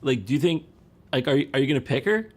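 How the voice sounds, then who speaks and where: A man's voice: mid-range voice, animated, quick pace, heavy background noise. A man giving sarcastic, mocking comedic commentary on a reality dating show.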